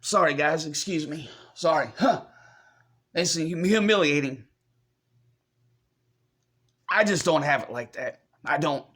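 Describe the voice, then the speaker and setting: A male vlogger gives his viewers a confessional update, choked up and fighting back tears. He speaks haltingly and apologetically, repeating himself, in a somewhat high, slightly bright voice with a breathy edge.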